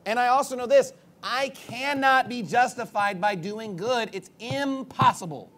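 A man's voice: extremely high pitch, measured pace, a bit bright. A male pastor preaching a sermon off the cuff. He rambles at times and turns emphatic when he reads scripture.

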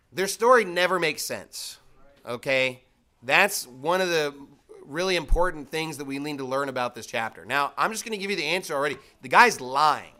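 A man's voice: fairly high pitch, bright, forceful tone. A man preaching a sermon, reading scripture and mocking excuses in quoted voices. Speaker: pastor.

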